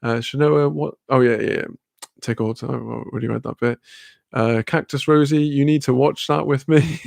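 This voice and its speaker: A laid-back man rambles to his live chat in a gravelly, creaky voice, swearing and laughing as he goes. The sound is close and dry, with no room echo, as if he sits at a desk mic at home. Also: mid-range voice, fairly even intonation, moderate pace, a little mellow. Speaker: streamer chatting with live chat. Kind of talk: casual live-stream chat.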